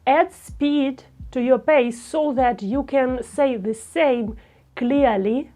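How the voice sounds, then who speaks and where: A woman teaching a lesson on speaking naturally on camera, talking in a slow, deliberate, demonstrative way. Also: high-pitched, warm tone. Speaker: speaking coach.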